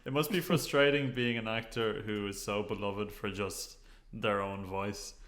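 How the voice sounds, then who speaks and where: A man's voice: on the low side, fairly even intonation, a little slow, fairly bright tone. An Irish man co-hosting a podcast, reacting with short remarks and frequent laughter. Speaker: podcast co-host. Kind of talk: casual chat.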